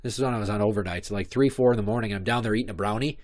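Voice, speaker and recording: A man's voice: fairly low pitch, very fast, a little mellow. Profane man in his thirties ranting. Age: 30s. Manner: profane, rambling storytelling. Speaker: podcast host. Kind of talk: casual comic monologue.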